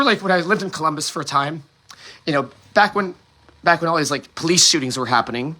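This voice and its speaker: Angry, bright-voiced man ranting. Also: on the high side, fairly quick. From United States. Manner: angry, profane ranting with restarts. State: emotional, sighing. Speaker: host. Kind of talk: emotional monologue.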